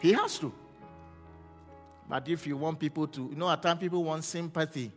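A man preaching a fervent sermon as pastor, rising to shouts and asking the congregation questions. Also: fairly high pitch, steady tone, normal speed, big-room sound, faint music behind.

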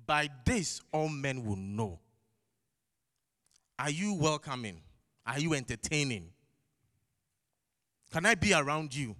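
This preacher has a mid-range voice with a sharp tone and a non-native English accent. He delivers his sermon emphatically, throwing rhetorical questions at the congregation and returning to key phrases. The recording carries the long echo of a large church hall.

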